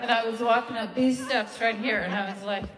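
A woman stand-up comedian telling a story live on a theater stage, in a halting, rambling, self-interrupting way. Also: a little high, fairly even intonation. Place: theater stage before a laughing audience. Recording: long hall reverb, loud crowd and noise.

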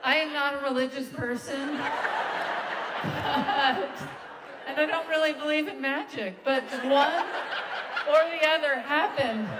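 Woman comic on a reverberant stage. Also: high voice. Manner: halting, self-interrupting, rambling delivery. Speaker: stand-up comedian. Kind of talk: live stand-up storytelling. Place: theater stage before a laughing audience. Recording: long hall reverb, loud crowd and noise.

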